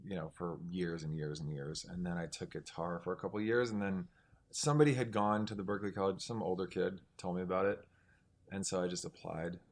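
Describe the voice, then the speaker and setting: A middle-aged man with a notably deep, low voice talks casually as an interview guest. He rambles and restarts his sentences, filling gaps with "like" and "um" as he works toward his point. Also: steady tone, a little fast. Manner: rambling, many restarts and "like" fillers. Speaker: singer-songwriter guest.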